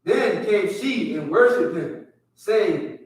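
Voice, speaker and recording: High-voiced man reading slowly, far off and echoey. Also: expressive. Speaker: class member reading scripture. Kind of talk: reading scripture aloud.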